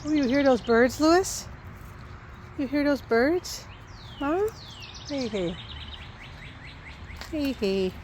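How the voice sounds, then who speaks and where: A woman's voice: high-pitched, animated, takes it slowly, pauses often, a little mellow, a little hiss or hum. A woman talking in coaxing, affectionate baby talk to her puppy and parrot while walking outdoors, recorded on a handheld phone. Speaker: pet owner vlogger. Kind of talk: casual talk to her pets. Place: outdoors on a walk.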